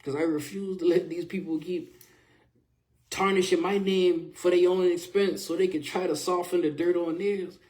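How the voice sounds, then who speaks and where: A man's voice: high-pitched, steady tone, normal speed, a little mellow. A man passionately recounting a personal story in casual, slang-filled conversational speech. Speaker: vlogger telling his own story.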